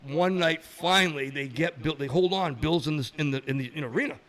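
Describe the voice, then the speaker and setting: Middle-aged podcast guest, high-pitched and lively, tells stories and acts out other people's voices. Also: male voice, brisk. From Massachusetts. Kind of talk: storytelling in a casual chat.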